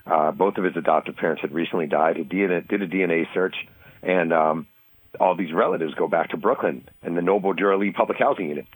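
A deep-voiced man from New York races through a story as an interview guest, slipping into the voices of the people he describes. His voice has a husky edge, and it comes across with a radio broadcast sound. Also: rough recording. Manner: fast, animated storytelling, acting out quoted voices. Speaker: author and guest.

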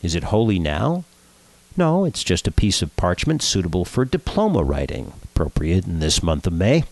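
A man's voice: low-pitched, moderate pace, dry recording. A man from Southern California hosting a radio show, telling jokes and giving a short Torah talk. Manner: lively, animated storytelling.

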